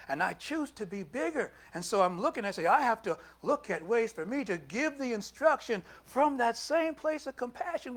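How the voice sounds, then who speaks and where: In a very high voice, an older man leads a sermon like a conversation, directing questions at the congregation. His volume rises and falls between loud and soft as he preaches.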